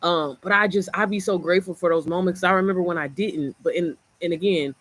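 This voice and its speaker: A woman chatting on a livestream from her home, talking loosely and circling back to the same points. She jumps from one thought to the next in a relaxed way. The sound comes through a phone. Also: on the low side, brisk. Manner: chatty, rambling, repeats herself. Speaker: online business creator hosting a livestream. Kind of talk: casual livestream chat. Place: at home, indoors.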